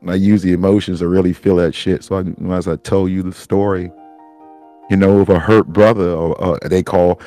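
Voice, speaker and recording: Low-voiced tearful man hosting his own show, rambling and swearing, faint music in the background. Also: level tone, moderate pace, dark tone. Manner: rambling, profane, tearful and laughing. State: crying. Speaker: podcast host. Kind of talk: emotional personal monologue.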